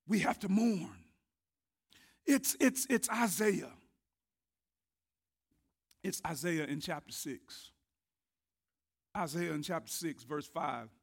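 A man preaching a sermon, his voice not working well, building to shouted emphasis. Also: on the high side, expressive, takes it slowly, gravelly, pauses often, husky.

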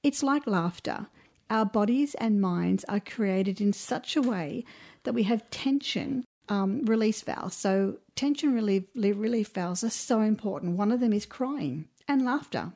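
A woman's voice: mid-range voice, animated, measured pace, a little mellow. Candid, heartfelt woman podcast host. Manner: candid and heartfelt, with frequent ums and restarts. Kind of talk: casual podcast chat.

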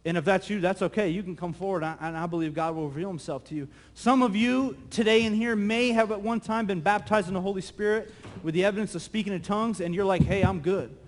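A male pastor preaching a sermon, telling a story in a lively, conversational way that often repeats words. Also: sits high, fast talker, few pauses. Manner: animated, conversational, repeats words when excited.

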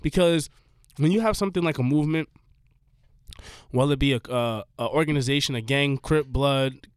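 A man hosting a podcast in casual chat, rambling and emphatic with many restarts, his voice a little hoarse. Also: mid-range voice, moderate pace, no room sound. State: slightly hoarse. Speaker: podcast host.

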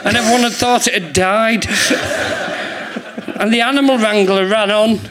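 A man's voice: high-pitched, steady tone, moderate pace, crowd noise. A man telling rambling stories in casual chat on a theatre stage, laughing often. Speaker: guest comedian. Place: theatre stage before a live audience.

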